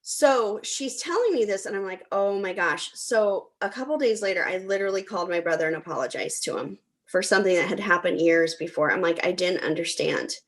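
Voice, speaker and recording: A woman's voice: mid-range voice, expressive, fairly quick. A middle-aged woman hosting a talk, telling a personal story in a chatty way with frequent ums. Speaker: host.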